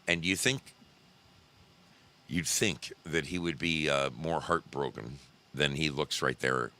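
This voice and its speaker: A man's voice: a bass voice, takes it slowly, bright, forceful tone. A male show host giving heated, profane, rambling commentary while looking at pictures on his screen. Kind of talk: casual commentary on screen images.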